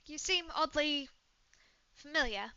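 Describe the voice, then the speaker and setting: A woman voicing a poised young British woman trainer who speaks in a prim, gently condescending way with a put-on British accent. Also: high voice, expressive, measured pace, dry recording, muffled recording, pitched above the performer's own voice, heavily acted. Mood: curious.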